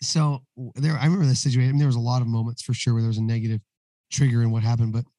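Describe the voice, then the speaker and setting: A man speaks with a hoarse, worn voice, the mellow tone roughened from recent strain. He tells his story candidly and plainly, as a guest on a podcast. The sound is dry and close. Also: mid-range voice, little pitch movement, racing, no room sound, low-quality recording. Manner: candid, storytelling, acts out dialogue. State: hoarse, voice recovering after losing it. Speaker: guest, recovery ministry co-founder. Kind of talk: casual podcast interview.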